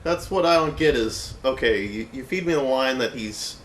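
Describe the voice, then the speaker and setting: A man's voice: medium pitch, expressive, moderate pace. A man who is a movie reviewer, chatting casually and skeptically arguing the plot step by step.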